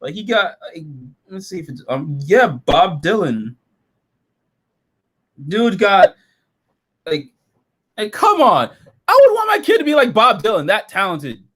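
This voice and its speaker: A man's voice: high voice, a little slow, pauses often. A man hosting a casual review chat, rambling and swearing freely as he talks through an episode. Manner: animated, profane, rambling. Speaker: show host reviewing episodes.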